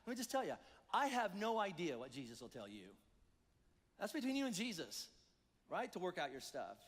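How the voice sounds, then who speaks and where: A male pastor preaching a sermon in a lively, conversational way, acting out the voices of his listeners. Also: high-pitched, brisk. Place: church hall. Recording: long church hall reverb.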